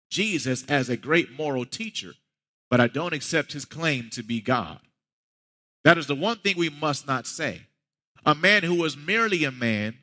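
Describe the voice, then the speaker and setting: A man's voice: on the high side, pushed and bright, long reverb tail. A man preaching a sermon as a pastor, talking conversationally and building to emphatic peaks.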